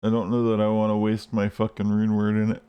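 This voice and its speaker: A man's voice: fairly low pitch, monotone, fairly quick, clear, resonant tone, lo-fi sound. Chill guy streaming a game, rambly and sweary, keyboard clacking behind him. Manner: laid-back, rambling, swears often. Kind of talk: casual live-stream chat while playing.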